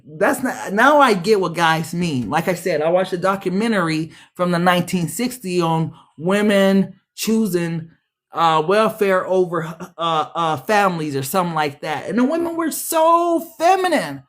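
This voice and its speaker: A woman's voice: lowish voice, animated, unhurried. Blunt, profane woman reading tarot. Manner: blunt, profane, sassy slang. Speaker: tarot reader. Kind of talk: casual tarot reading livestream.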